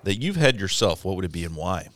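A male podcast co-host spinning an anecdote in loose, casual chat. His voice is a bit low, and he sometimes pauses and restarts. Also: sing-song, a bit bright.

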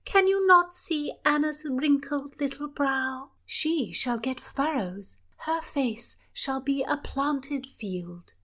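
A woman voicing a playful, flighty young princess in a storybook reading, with a cooing, dreamy, drawn-out delivery. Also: sits high, fairly bright tone, pitched above the performer's own voice.

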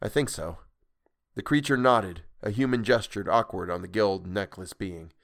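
A man narrating a storybook in a measured, expressive reading. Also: lowish voice, creaky, dry recording, clean studio sound.

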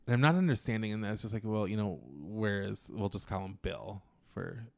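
A man's voice: on the low side, a little fast, vocal fry. A middle-aged man co-hosting a podcast, telling a story in casual chat, acting out quotes and filling his talk with "like". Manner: animated, acts out quotes, many filler "like"s.

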